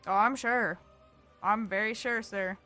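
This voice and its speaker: A woman's voice: medium pitch, fairly even intonation, unhurried, bright, forceful tone, soft background music. Young woman, slangy and brash player. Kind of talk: casual chat during a tabletop game.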